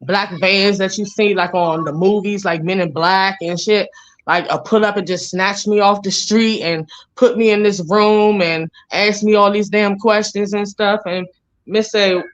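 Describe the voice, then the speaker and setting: A woman's voice: medium pitch, steady tone, unhurried, highs cut off. Blunt woman with a Jamaican accent. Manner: blunt, profane, rambling. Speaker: interview guest. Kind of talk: casual interview storytelling.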